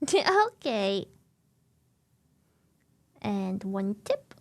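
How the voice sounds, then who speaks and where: Rich: A woman with a notably high voice chats with her stream audience in a loose, playful way. She tosses in singsong little asides as she talks. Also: lively intonation, unhurried, long pauses, fairly bright tone. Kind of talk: casual chat with viewers.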